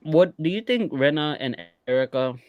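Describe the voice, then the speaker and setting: A man chats casually as he recaps a reality TV episode with a co-host. He talks in a loose, unhurried way, full of ums and likes. The sound is close and dry, with no room echo. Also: a little high, highs cut off. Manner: relaxed, hesitant, many fillers. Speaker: podcast co-host.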